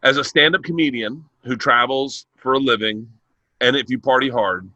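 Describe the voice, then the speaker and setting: A man with a bright, forward voice tells stories in loose podcast chat. He acts out everyone he quotes and laughs without holding back. The sound is dry and close to the mic. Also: mid-range voice, moderate pace, dry recording. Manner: animated storyteller who acts out voices and laughs hard. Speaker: stand-up comedian.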